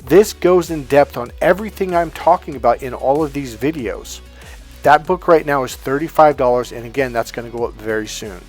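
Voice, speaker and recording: A man's voice: mid-range voice, brisk, soft background music. A man in his fifties giving dating advice straight to camera, bluntly and casually swearing, acting out bits of dialogue as he goes. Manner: animated, acts out quoted dialogue. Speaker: dating coach. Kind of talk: direct-to-camera coaching monologue.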